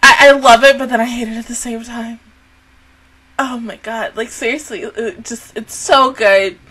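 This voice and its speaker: A woman hosting a casual anime reaction review. She is excitable, swears a lot, and breaks into laughter and outbursts. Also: fairly high pitch, moderate pace, slightly rough, rough recording.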